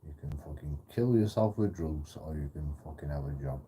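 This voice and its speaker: A man's voice: a bass voice, moderate pace, warm tone, slight background noise. A man ranting profanely to camera in a repetitive monologue vlog. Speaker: channel host.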